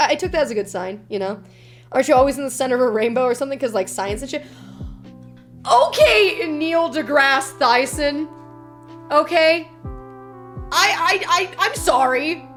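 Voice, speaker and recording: Young female streamer, high pitch, loose and profane storyteller, faint background music. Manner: chatty, swears freely, animated storytelling. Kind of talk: casual live-stream chat.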